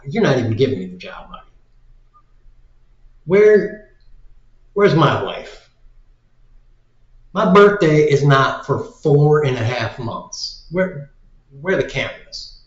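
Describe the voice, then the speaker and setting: A baffled, outraged man who has just been handed a trick contract , as a commentator acts him out. His voice leaps upward in disbelief and comes out in loud, rising bursts. The recording sounds echoey and slightly muffled. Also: fairly high pitch. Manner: incredulous, shouting in disbelief. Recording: roomy, slightly dull recording.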